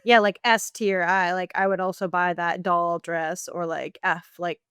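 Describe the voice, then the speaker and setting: A woman co-hosting a casual podcast, spinning a silly story with plenty of "like" and "um." Her voice is smooth and clear, recorded dry on a close mic. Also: fairly low pitch, little pitch movement, unhurried, a bit bright, no room sound. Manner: playful storytelling, lots of fillers. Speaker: podcast co-host. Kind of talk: casual chat.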